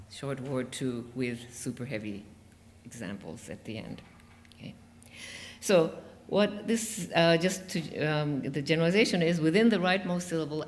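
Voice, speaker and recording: A linguistics lecturer giving an academic conference talk, with many hesitations and frequent "okay?" checks, in a university lecture room. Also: medium pitch. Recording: reverberant lecture hall.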